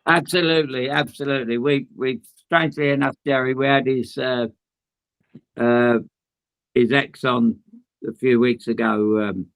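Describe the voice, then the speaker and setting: A man's voice: medium pitch, fairly even intonation, a little slow, a bit bright, clear, resonant tone, no echo. A man hosting a podcast, chatting casually and asking prompting questions. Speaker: podcast host. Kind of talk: casual chat.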